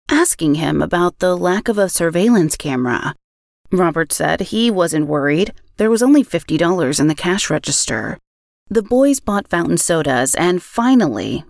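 A woman hosting a podcast, reading a scripted true-crime story in a measured way that slows on grim details. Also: on the low side, no echo, clean studio sound. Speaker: podcast host.

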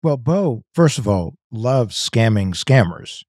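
A man co-hosting a podcast, explaining things in a measured, casual way. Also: medium pitch, big pitch swings, a little mellow, breathy edge, dry recording, studio quality. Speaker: podcast co-host. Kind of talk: casual chat.

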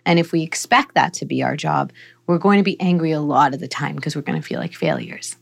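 A middle-aged woman with a somewhat low voice talks as a psychologist guest on a parenting podcast. She explains things earnestly and patiently, like a teacher. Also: fairly quick, gravelly, slightly rough. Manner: earnest, explanatory, playfully animated in examples.

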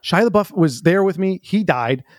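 A man telling a long, earnest story, rambling and halting with many restarts. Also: high-pitched, animated, a little mellow, no echo, clean studio sound. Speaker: guest. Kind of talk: improv comedy storytelling.

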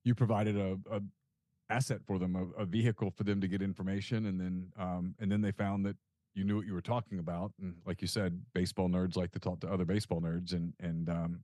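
A man hosting a sports podcast, talking in a relaxed, easygoing way with plenty of fillers. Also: low voice, fairly quick, no echo, studio quality. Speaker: podcast host. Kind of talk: casual interview chat.

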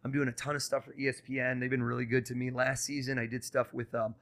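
Fast-talking showman mentalist man. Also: medium pitch, little pitch movement, fairly bright tone. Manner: quick, insistent, showman patter. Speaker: mentalist guest. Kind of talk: performing a mind-reading trick in conversation.

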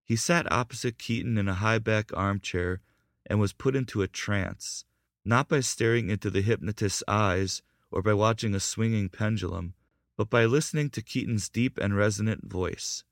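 Low-voiced man reading a narration. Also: normal speed, creaky, no echo, clean studio sound. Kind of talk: scripted documentary narration.

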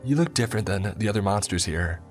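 A man's voice: on the low side, lively intonation, fast, soft background music, pitched above the performer's own voice, lightly acted. A man voicing a frightened young woman held captive, pleading to be released. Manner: pleading, fearful.

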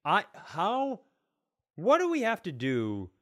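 A man's voice: high voice, huge pitch swings, takes it slowly, dry recording, studio quality. Teasing man rambling through questions. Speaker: podcast co-host. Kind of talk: casual comedy podcast chat.

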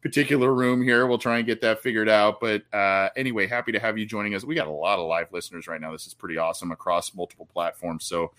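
A man's voice: fairly low pitch, steady tone, fast talker, hardly any pauses, a bit bright. Upbeat man hosting a live sports show. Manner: upbeat, rambling, repeats words. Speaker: podcast host. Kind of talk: casual live-stream chat.

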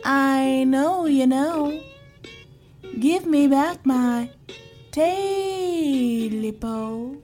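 A woman voicing a creepy night creature from a folk tale, speaking in a low, slow, drawn-out voice. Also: a little mellow, faint music behind. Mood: menacing. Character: creepy night creature hunting what it lost.

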